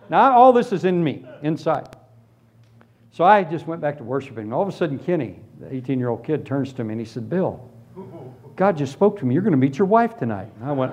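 A man preaching and giving his personal testimony, telling it as a lively story and acting out the other people in it. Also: on the high side, brisk, muffled recording. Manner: animated storytelling, acts out voices. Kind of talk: testimony sermon.

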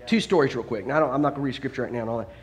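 A man's voice: medium pitch, racing. A middle-aged man preaching a sermon as a pastor, telling self-deprecating stories with lots of restarts. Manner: animated, self-deprecating storytelling with frequent restarts.

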